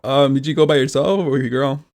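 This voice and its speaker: A man co-hosting a podcast in casual chat, giving brief reactions and quick remarks with laughter. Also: medium pitch, fairly even intonation, vocal fry, a little mellow. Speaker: podcast co-host.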